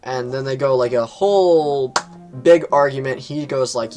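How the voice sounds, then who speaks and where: A man's voice: darkish tone, faint music behind. Rambling young man reviewing books. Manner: rambling, lots of fillers and quick jumps in pitch. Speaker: book reviewer. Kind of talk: casual review vlog.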